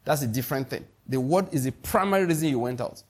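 Speaking fast in an expressive mid-range voice, a middle-aged Nigerian pastor preaches with emphasis. He keeps repeating important phrases and quizzing the congregation to confirm they're with him.

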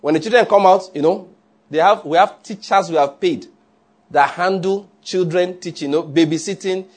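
A man's voice: high voice, moderate pace. A man preaching a conversational sermon, often checking that listeners follow.

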